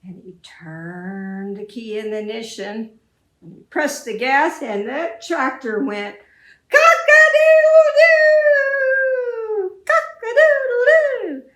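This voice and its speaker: A woman librarian reading a story aloud to children in an expressive storytime manner. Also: mid-range voice, slow. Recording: echoey room.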